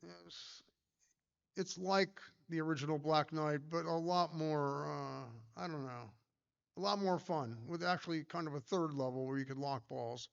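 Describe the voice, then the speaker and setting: An older man tells stories at a conference talk, his voice gravelly yet smooth and resonant. He rambles, restarts and fills pauses with ums and uhs. The recording is dull and lo-fi. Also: on the high side. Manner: rambling, anecdotal, many fillers and restarts. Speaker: pinball designer giving a talk.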